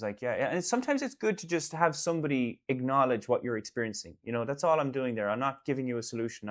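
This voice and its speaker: An earnest man talks in a loose, rambling way, full of fillers and restarts. He reassures his listener by repeating the same points over and over. His voice sits at a middling pitch. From Ireland. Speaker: artist and host. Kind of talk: casual one-on-one talk.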